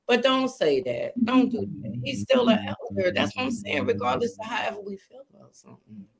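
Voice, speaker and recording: A woman with a New Jersey accent hosting a casual online panel, talking calmly and mediating between speakers. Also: fairly high pitch, a little fast, vocal fry, crowd noise.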